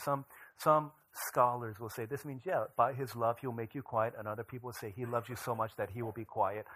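A man in his thirties, a pastor preaching a sermon, telling stories and moving from animated asides to a soft, hushed voice. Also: mid-range voice, husky, poor audio. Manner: storytelling, animated then dropping to a soft hushed voice.

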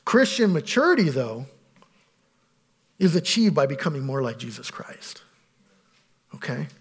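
A man preaching a sermon as pastor, animated, swinging between loud emphatic scripture reading and hushed asides. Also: on the high side, measured pace, breathy edge.

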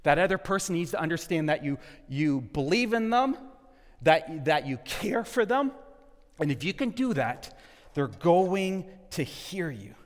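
A man's voice: a little high, sing-song, measured pace. Preaching man in a reverberant hall. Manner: earnest, asks the congregation questions. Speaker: pastor. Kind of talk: sermon.

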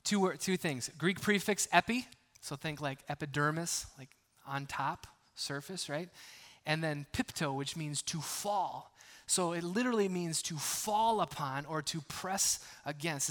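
A man pastor preaching a sermon in a conversational way, with frequent restarts and playful asides, moving between hushed, near-whispered lines and loud, emphatic bursts. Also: on the high side, measured pace. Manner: playful humor between earnest points.

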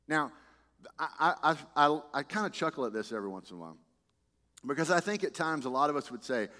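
A man preaching a sermon as a pastor, talking in a conversational, animated way with frequent restarts. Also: on the high side, brisk, long reverb tail.

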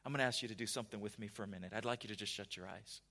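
A male pastor giving a conversational sermon, often restarting words and building to emphatic, louder passages. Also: on the low side, rapid-fire.

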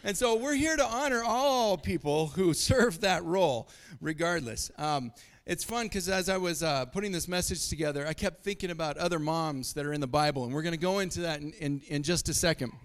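A man's voice: fairly high pitch, fairly quick, few pauses. A middle-aged man from Montana preaching a sermon, telling stories and chuckling often. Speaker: pastor.

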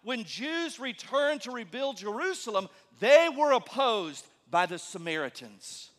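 High-voiced preaching pastor in a hall. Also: male voice, measured pace. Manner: animated preaching, acts out quoted voices. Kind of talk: sermon.

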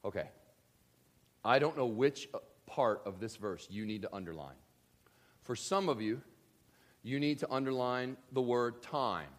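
A man preaching a sermon, speaking earnestly and directly to his congregation and building to emphatic, animated bursts. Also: mid-range voice, unhurried, long pauses.

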